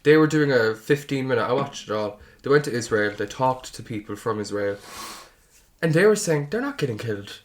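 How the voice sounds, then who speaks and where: A man's voice: mid-range voice, expressive, normal speed. A man in casual podcast chat, talking loosely and rambling, with frequent swearing.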